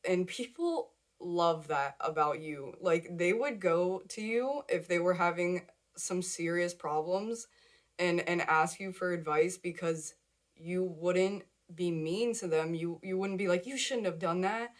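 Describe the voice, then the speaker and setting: A woman's voice: lowish voice, unhurried. A young woman giving a casual tarot reading to camera, chatty and emotional, repeating words and laughing often. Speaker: tarot card reader.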